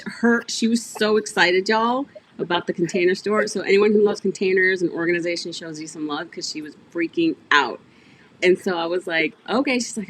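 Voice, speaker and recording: Animated lower-voiced woman coach. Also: moderate pace, slight background noise. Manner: animated, laughs often, addresses audience as "y'all". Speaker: business coach and podcast host. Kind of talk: casual interview chat.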